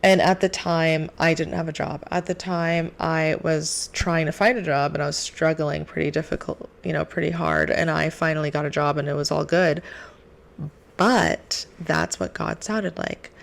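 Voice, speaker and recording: A young woman talking to camera about her faith, earnest and animated, with plenty of "like". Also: low-pitched, moderate pace, gravelly. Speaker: faith vlogger. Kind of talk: casual faith talk to camera.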